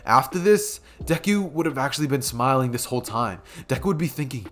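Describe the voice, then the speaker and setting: A man's voice: mid-range voice, animated, a little fast, hardly any pauses, faint music behind. A man casually narrating a fan story, rambling and correcting himself as he goes.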